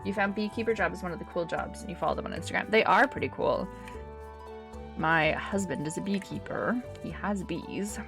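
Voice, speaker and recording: A woman's voice: lowish voice, a little fast, creaky, music in the background. A woman giving casual, chatty commentary while live-streaming a game, thinking aloud as she plays.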